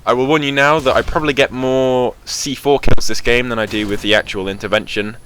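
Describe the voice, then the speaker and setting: A young man hosts his gaming channel, chatting loosely over gameplay footage with plenty of fillers. His mid-range voice is brisk with fairly even intonation, and the background is noisy.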